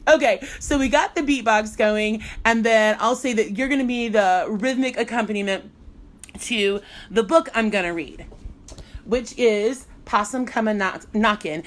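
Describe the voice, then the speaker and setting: A middle-aged woman music teacher giving a casual live online lesson, chatty and playful and often laughing. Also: on the high side.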